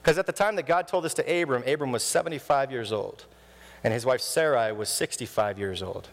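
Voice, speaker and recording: A man in his thirties preaching a sermon in a church, telling stories with animated delivery and acting out the voices he quotes. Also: medium pitch, brisk, long reverb tail. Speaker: pastor. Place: church sanctuary.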